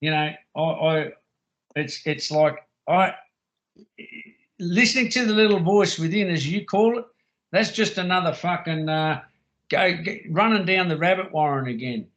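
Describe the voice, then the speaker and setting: A man in a heated argument, questioning and swearing, with halting restarts. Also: a little high, a bit bright.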